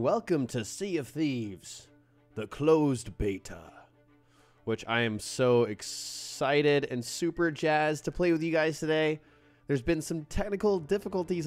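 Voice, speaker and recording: A man live-streaming a game, excitable and playful, greeting viewers by name and joking in pirate talk. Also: mid-range voice.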